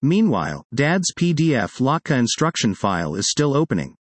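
A man reading a personal essay aloud in a wry, expressive storytelling manner. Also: medium pitch, normal speed, slightly rough, dry recording. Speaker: narrator.

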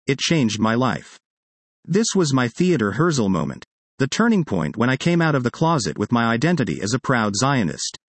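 Earnest middle-aged man, lively pitch. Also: no room sound. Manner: measured, earnest, with deliberate pauses. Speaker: history professor and author. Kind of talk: reading a personal essay aloud.

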